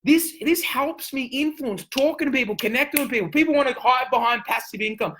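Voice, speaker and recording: A man giving a motivational sales coaching talk, intense and emphatic, hammering points home with repeated phrases and sometimes pushing his voice near a yell. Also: very high-pitched, animated, normal speed, low-quality recording. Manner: raises voice to near yelling at times.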